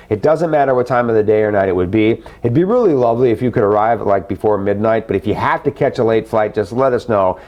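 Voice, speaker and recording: A man's voice: on the low side, darkish tone, highs cut off. A middle-aged man hosting a live webcast, answering viewer questions in a chummy, effusive way. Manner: effusive, repeats words for emphasis.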